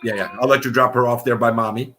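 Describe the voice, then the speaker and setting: A man's voice: medium pitch, fairly even intonation, quick pace, a crowd in the background. A man hosting a casual live-streamed fighter interview show, effusive and rambling, with casual swearing.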